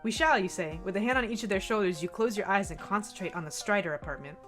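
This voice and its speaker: A woman's voice: mid-range voice, fast talker, a bit bright, faint music behind. A woman streamer reading a visual novel aloud and chatting, laughing often and swearing freely. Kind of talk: live-stream game reading and chat.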